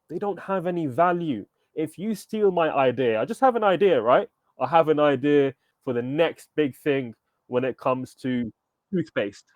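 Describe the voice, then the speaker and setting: Energetic male coach, fairly high voice, dry close sound, live online class. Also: dry recording. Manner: energetic, upbeat, calls for audience thumbs up. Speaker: entrepreneurship coach. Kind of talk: live online workshop teaching.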